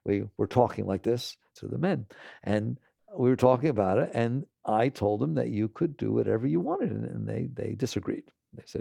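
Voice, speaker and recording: Male teacher, gravelly voice, dry close sound, emphatic storyteller who keeps asking "right?". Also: medium pitch, animated, normal speed, warm tone, no echo. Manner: tells stories and acts out other people's lines. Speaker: spiritual teacher. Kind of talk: spoken teaching talk to an audience.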